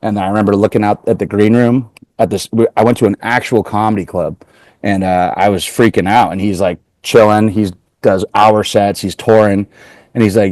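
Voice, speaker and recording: Male comedian guest from Portland, lowish voice, dry close sound, rambling storyteller acting out quotes. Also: steady tone, brisk, darkish tone, dry recording. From Portland, Oregon. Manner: chatty, heavy use of "like", retells exchanges in quoted voices. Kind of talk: casual interview storytelling.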